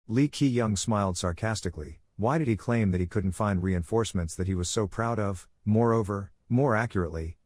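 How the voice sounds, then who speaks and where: Low-voiced man narrating a story recap. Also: dry recording, studio quality. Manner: reads every character's lines in the same flat narrating voice.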